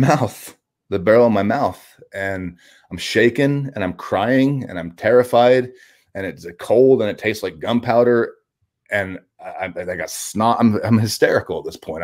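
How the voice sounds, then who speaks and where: A man telling a raw personal story as an interview guest, halting, with frequent restarts, repeated words and blunt swearing. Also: lowish voice, darkish tone. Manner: blunt and profane; raw, intense retelling.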